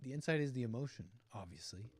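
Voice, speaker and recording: A man's voice: medium pitch, lively intonation, fast talker, a little mellow, husky. A man hosting a livestream, giving rambling, opinionated commentary on a video clip and talking back at the people in it. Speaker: livestream host.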